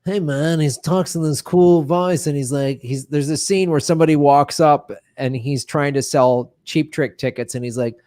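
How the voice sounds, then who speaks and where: A man's voice: on the high side, steady tone, moderate pace, few pauses, mellow, no echo. Laughing enthusiastic male host. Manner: enthusiastic storyteller, laughs often. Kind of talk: casual comedy podcast chat. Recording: dry close sound.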